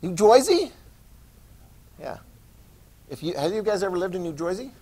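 Male teacher, middle-aged, slightly high voice, casual classroom lecture with asides. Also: fairly quick, a little mellow. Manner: chatty, asides and questions to students.

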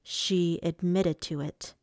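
A woman reading an audiobook voices a gruff, growling male fae lord with low, clipped lines. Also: fairly even intonation, slow, a little mellow, no room sound, clean studio sound.

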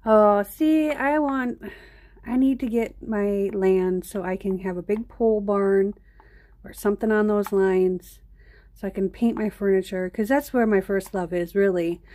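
A woman's voice: medium pitch, fairly even intonation, a little slow, warm tone. A middle-aged woman hosting an art live stream, rambling and chatting straight to her viewers. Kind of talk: casual live-stream chat.

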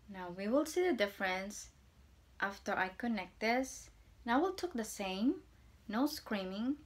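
Unhurried, chatty woman vlogger. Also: medium pitch. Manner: soft-spoken and chatty, gushing over small things. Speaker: vlogger reviewing gear. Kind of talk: casual unboxing chat.

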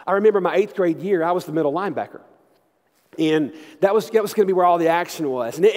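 A middle-aged man, a senior pastor preaching a sermon and telling a story. His delivery is animated, swinging from loud to hushed. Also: on the high side. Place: large church sanctuary. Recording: long church reverb.

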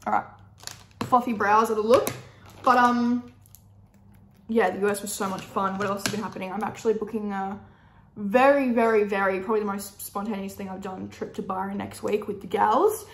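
A young woman with an Australian accent and a croaky, hoarse voice, chatting casually and upbeat with lots of fillers while doing her makeup. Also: medium pitch, fairly even intonation, moderate pace, roomy sound, a little hiss or hum. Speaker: beauty vlogger.

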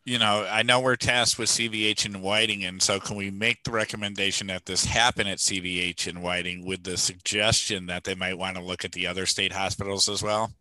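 A man with a low, monotone voice and a sharp, tense tone poses a tentative question in a meeting. The sound is dry and close. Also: a little fast, hardly any pauses, no echo, poor audio. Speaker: task force member. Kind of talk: online meeting discussion.

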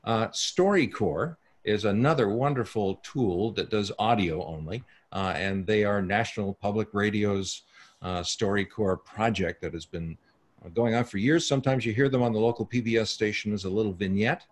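A man on a panel, talking casually and halting often with fillers. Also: lowish voice. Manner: hesitant, lots of uh fillers. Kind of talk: casual chat.

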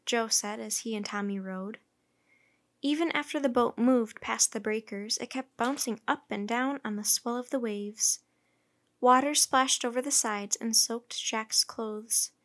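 Woman reading a children's book aloud. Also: fairly high pitch. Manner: steady, clear narration. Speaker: storyteller.

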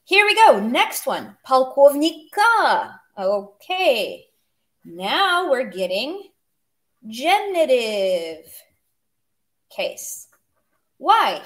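A chatty woman with a fairly high voice teaches a casual online lesson. She explains grammar step by step and drops joking asides along the way. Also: wildly swooping pitch, drawn-out words, a bit bright. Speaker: language teacher.

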